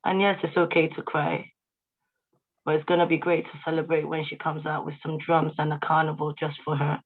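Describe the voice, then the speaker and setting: A woman's voice: low-pitched, flat delivery, a little fast. A woman giving an emotional, heartfelt tribute speech, addressing her listeners directly. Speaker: guest speaker at a tribute event. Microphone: video call. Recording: tinny video-call audio.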